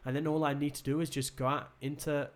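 A young man, hosting a casual podcast chat, excitable and swearing freely as he retells stories. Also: fairly high pitch, fast talker. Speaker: podcast host.

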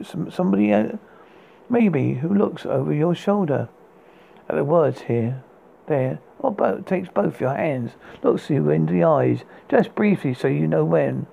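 Here the podcast host's voice is a little high and creaky, with a breathy edge. He reads poetry aloud, frequently tripping over words and starting them again, and the sound is thin and phone-like with light hiss.

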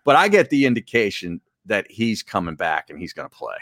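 A man's voice: on the low side, big pitch swings, fairly quick, a bit bright, no room sound, studio quality. A man hosting sports talk radio who steers the conversation, easygoing with frequent "uh" and "you know.".

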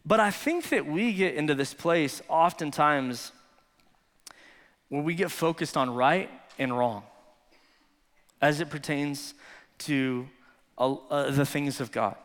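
A man's voice: a little high, slow, pauses often, a bit bright, in a large hall. A man preaching a sermon as pastor, telling stories in a casual, conversational way full of "like". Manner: conversational storytelling, frequent "like".

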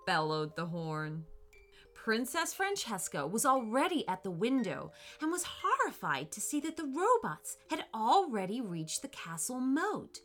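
Expressive, slow-reading woman storyteller. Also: a little high. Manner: expressive and unhurried. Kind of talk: bedtime storybook narration. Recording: soft background music.

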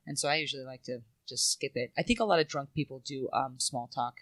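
A woman's voice: a bass voice, fast talker, fairly bright tone, no echo. A woman talking in a casual, reflective, rambling way as a guest, swearing now and then. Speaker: podcast guest. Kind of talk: casual chat.

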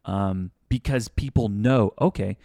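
A man co-hosting a casual podcast, his voice mellow and a touch low. He rambles a little, restarts his sentences and acts out quick hypothetical scenarios. The sound is close and dry. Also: no room sound. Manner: rambling, self-correcting, animated hypotheticals. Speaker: podcast co-host.

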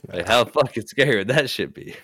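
A man's voice: medium pitch, lively intonation, a little fast, a bit bright, no echo, studio quality. A young man co-hosting a comedy podcast, joking profanely and acting out bits. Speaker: podcast co-host. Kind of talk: casual comedic chat.

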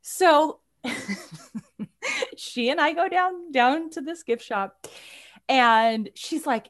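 A woman in casual chat as a podcast co-host, telling a story in a chatty, animated way and often laughing. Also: high voice, slow, long pauses.

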